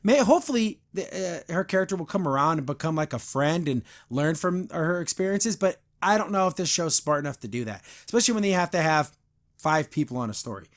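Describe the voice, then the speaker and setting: A man's voice: on the high side, expressive, fast talker. A man hosting a podcast, giving a casual, blunt and critical review of a cartoon episode. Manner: retells scenes, briefly imitating characters.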